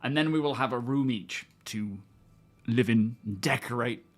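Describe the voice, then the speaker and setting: A man's voice: mid-range voice, normal speed. A young man streaming a game, chatting casually and greeting his viewers by name. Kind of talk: casual live-stream chat.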